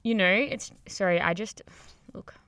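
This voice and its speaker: A woman's voice: medium pitch, a little slow, a bit bright, clear, resonant tone, dry recording. A young woman hosting a casual motivational podcast, rambling and upbeat, swearing freely and laughing often, recorded very close to the microphone while crouched under blankets. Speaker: podcast host, yoga teacher.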